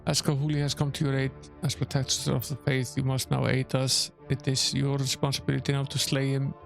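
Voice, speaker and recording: A man voicing a stern male temple priest of high office, making grave, formal pronouncements as he reads game dialogue aloud. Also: completely flat delivery, brisk, gravelly, soft background music, natural voice.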